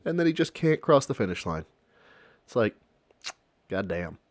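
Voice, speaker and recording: A man's voice: on the low side, big pitch swings, normal speed, no room sound. A man reacting to a video on his stream, making sarcastic and profane rambling asides. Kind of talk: casual reaction commentary.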